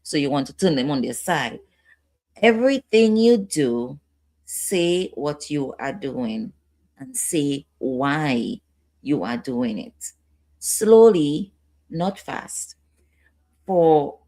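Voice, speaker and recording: A woman's voice: low voice, warm tone. A woman instructor giving a training lecture, repeating key points and checking in with her listeners.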